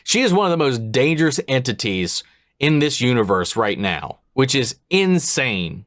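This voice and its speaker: A man's voice: medium pitch, sing-song, normal speed, a bit bright. A man co-hosting a podcast in casual reaction chat, blunt and swearing, building up his points to a joke. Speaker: podcast co-host.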